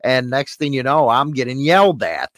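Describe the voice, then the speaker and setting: A man's voice: medium pitch, sing-song, moderate pace, no echo. Blunt, profane male podcast host. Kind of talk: casual banter.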